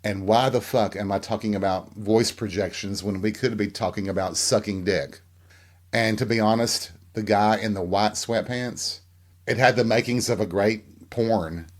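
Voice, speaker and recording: A man's voice: lowish voice, steady tone, normal speed. A middle-aged man hosting a solo podcast, talking frankly and reflectively in a rambling way and often asking listeners rhetorical questions. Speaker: podcast host. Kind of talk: candid solo podcast monologue.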